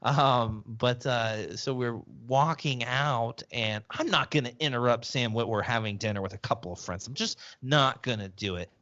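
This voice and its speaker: A man's voice: mid-range voice, moderate pace, few pauses, bright, forceful tone, highs cut off. A man co-hosting a casual podcast, telling stories over a video call with many restarts and fillers. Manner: rambling storyteller with frequent restarts and fillers. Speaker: podcast co-host.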